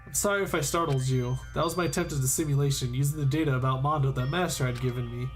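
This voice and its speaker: A man voicing a shy, gentle computer program in a soft, hesitant way over game music. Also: medium pitch, fast, close to an everyday voice.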